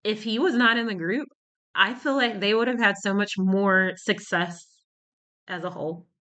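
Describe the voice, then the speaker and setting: A woman's voice: medium pitch, moderate pace, sharp tone. A woman talking in a casual commentary vlog. She rambles and searches for words, and she is short of breath from a cold. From United States. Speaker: YouTuber.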